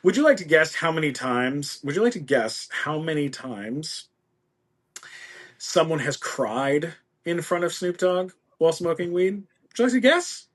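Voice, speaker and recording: Middle-aged guy telling a wild story on a podcast, does all the voices, kinda high voice. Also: a little slow. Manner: animated storyteller acting out quoted voices. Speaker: podcast guest. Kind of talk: casual interview storytelling.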